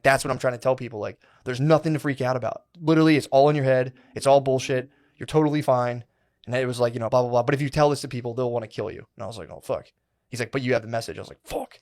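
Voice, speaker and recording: A man's voice: mid-range voice, very fast. A man in his thirties, a podcast co-host, telling a rambling, profane story in a casual chat and acting out what people said. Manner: rambling, profane, animated retelling with quoted inner voices.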